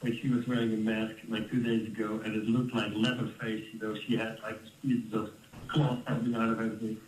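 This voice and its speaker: Dutch man, fifties, storytelling guest, lively, heard from a distance in a roomy space, faint ambience. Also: lowish voice, brisk, slight background noise. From Netherlands. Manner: animated, laughs often, restarts words. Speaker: interview guest, former fighter. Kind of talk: casual storytelling interview.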